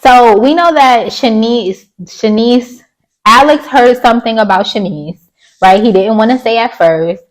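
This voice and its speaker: A woman's voice: on the high side, unhurried, rough recording. Blunt, chatty woman reviewing reality TV. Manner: chatty and blunt, with sassy asides; slips into mocking voices to quote people. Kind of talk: casual opinionated recap.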